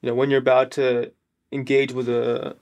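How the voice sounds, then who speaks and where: A man's voice: mid-range voice, completely flat delivery, moderate pace, darkish tone. A man hosting a podcast interview, asking long, rambling questions full of fillers. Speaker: podcast host.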